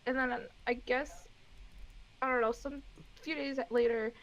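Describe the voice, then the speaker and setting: A young woman co-hosting a podcast, telling animated stories and laughing often. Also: sits high, measured pace, highs cut off. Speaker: podcast co-host. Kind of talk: casual storytelling chat.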